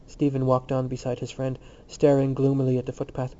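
A man narrating a literary novel in a steady, measured reading. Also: mid-range voice, dull audio. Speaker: audiobook narrator.

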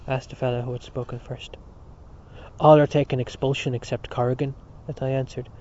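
A man's voice: mid-range voice, flat delivery, a little fast, darkish tone, highs cut off. A man reading a novel aloud as scripted narration, with a few slips and restarts. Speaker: audiobook reader.

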